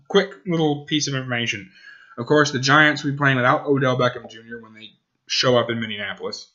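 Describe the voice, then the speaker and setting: On a muffled recording, a man hosts a laid-back sports podcast, wandering off track, fixing his own words, and addressing his dog. His voice is medium-pitched and sharp, and he talks fairly quickly.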